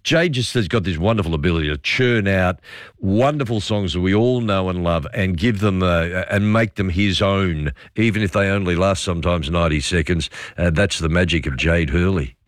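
A jovial Australian man hosting talkback radio, his voice on the low side and close to a dry studio mic. He chats easily with callers, laughs a lot and repeats his phrases. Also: moderate pace, dry recording. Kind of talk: casual talkback radio chat.

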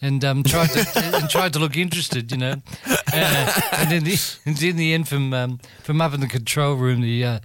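A man's voice: a little high, normal speed, few pauses, fairly bright tone, dry recording. A man telling a rambling anecdote as a radio guest, full of restarts and frequent laughter. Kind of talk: anecdotal storytelling.

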